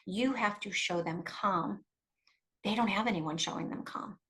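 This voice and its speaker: A middle-aged woman, a guest expert in an interview, giving coparenting advice in an emphatic, fast-flowing way with frequent restarts. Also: medium pitch, bright, forceful tone, low-quality recording.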